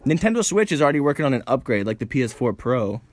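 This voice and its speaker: A man's voice: medium pitch, fast, no room sound. Young guy cohosting a podcast, rambly and hyped, voice jumping around a lot, dry close sound. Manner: excitable, rambling, laughs often. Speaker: podcast co-host. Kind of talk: casual chat.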